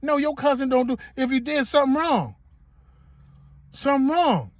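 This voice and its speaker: Speaking straight to camera with no echo, a vlogger in a very high-pitched, animated voice shares a personal story at a moderate pace. He grows emotional, repeating points emphatically in a casual style full of everyday slang.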